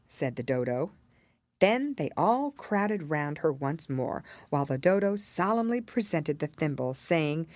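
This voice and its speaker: A woman reading a classic children's story aloud as narrator, expressive and measured. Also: deep voice, no echo. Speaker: audiobook narrator.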